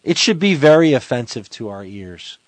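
A man giving a sermon as a Catholic preacher, earnest and exhorting, slowing down to stress points. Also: medium pitch, sing-song, no echo. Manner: earnest, exhorting, slows for emphasis.

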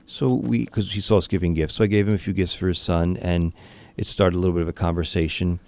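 Deep-voiced priest telling a story. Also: male voice, fast talker, no room sound. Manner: earnest, animated storyteller with frequent restarts. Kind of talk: interview conversation, storytelling.

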